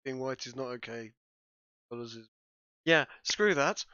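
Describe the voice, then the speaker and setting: Rambling man, bright and crisp. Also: mid-range voice, a little slow, no echo, lo-fi sound. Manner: rambling, stop-start with many restarts. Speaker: podcast host. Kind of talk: casual chat.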